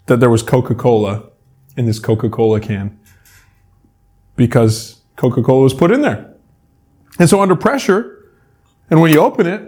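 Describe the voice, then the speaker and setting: A man delivers a sermon in a relaxed, conversational way, joking a little as he goes. His voice sits slightly higher than most men's. He talks as if chatting with the listener. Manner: conversational, playful, uses props. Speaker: pastor.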